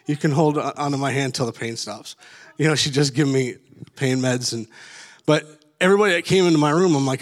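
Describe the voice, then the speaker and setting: A man's voice: fairly high pitch, fast talker. Middle-aged man telling a rambling personal story. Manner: rambling, many restarts, laughs at his own story. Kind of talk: casual storytelling.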